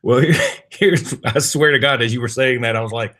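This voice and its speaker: A man's voice: mid-range voice, normal speed. A man co-hosting a podcast, rambling and laughing as he tells stories. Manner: animated, laughing, rambling storyteller. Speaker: podcast co-host. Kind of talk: casual chat.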